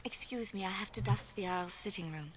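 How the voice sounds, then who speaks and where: A woman voicing a timid young elf housemaid who speaks politely, hurried and apologetic. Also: medium pitch, heavy background noise, close to an everyday voice.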